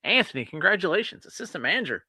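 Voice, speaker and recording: Male co-host, bright forceful tone, joking banter, dry sound. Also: sits high, very animated, very fast, slightly rough, dry recording. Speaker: podcast co-host. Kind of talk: casual chat over beers.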